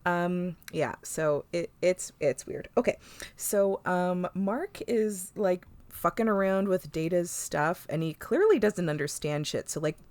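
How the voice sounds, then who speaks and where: A woman co-hosting a podcast in casual chat, animated and profane, recapping an episode with laughs and venting. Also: fairly low pitch, unhurried, no room sound. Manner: animated, swears freely, laughs and vents. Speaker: podcast co-host.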